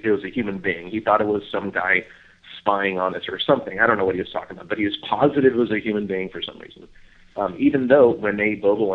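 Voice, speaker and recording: A man, a guest researcher, telling a field story in a casual interview, full of fillers, acting out other people's lines in a high voice. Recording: tinny phone line.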